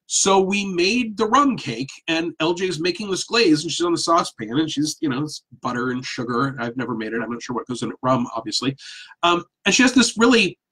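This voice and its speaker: A middle-aged man tells a personal anecdote in a relaxed, animated way, poking fun at himself. His voice is a bit husky and sits slightly high for a man. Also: brisk. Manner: animated, self-deprecating. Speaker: storyteller. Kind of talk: casual storytelling.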